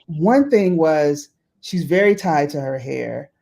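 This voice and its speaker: A woman's voice: sits low, takes it slowly, vocal fry. A middle-aged woman chatting as a talk show guest, telling stories and acting out the voices of people she quotes. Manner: animated storyteller, acts out quoted voices. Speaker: talk show guest, arts executive director. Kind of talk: casual chat.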